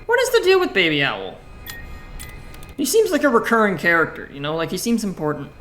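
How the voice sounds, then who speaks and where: A bright, clear-toned man talks through a text adventure, reading its lines aloud and reacting with casual, profane asides. The recording carries a faint hiss underneath. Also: high voice, a little fast. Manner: casual, swears, jokey self-talk; reads game text aloud in a flat voice. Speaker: gaming streamer. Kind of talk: let's play commentary, reading game text aloud.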